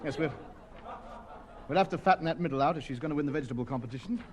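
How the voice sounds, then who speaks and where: A man's voice: a little high, rapid-fire, heavy background noise, close to an everyday voice. An actor playing a pompous, fussy man who proudly grows vegetables, in 1950s radio comedy acting. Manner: self-important, indignant.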